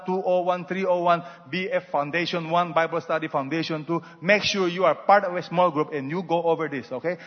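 A man preaching a sermon, swinging between loud exhortations and soft asides and having the congregation repeat after him. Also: on the high side, breathy edge. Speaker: pastor. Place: large church hall. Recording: muffled sound with long hall reverb.

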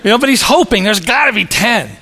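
A man preaching a sermon, telling stories in an animated, humorous way. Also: extremely high pitch, fast, husky. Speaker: pastor. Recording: long reverb of a large hall.

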